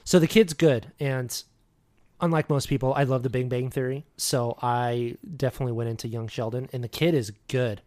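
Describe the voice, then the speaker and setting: A man's voice: mid-range voice, steady tone, moderate pace, darkish tone. A man co-hosting a podcast, rambling through opinions with jokey asides. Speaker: podcast co-host. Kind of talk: casual chat.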